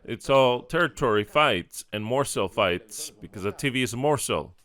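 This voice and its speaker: A man's voice: mid-range voice, animated, moderate pace, a bit bright, clean tone. A man preaching an informal sermon in a conversational way, often acting out what people say. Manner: conversational, acts out quoted speech with repeated lines.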